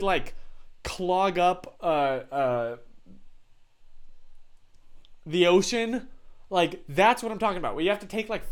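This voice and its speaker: A man from the United States holds casual live-stream chat, hopping from tangent to tangent. His voice sits a bit high for a man. He leans on fillers and restarts as he rambles.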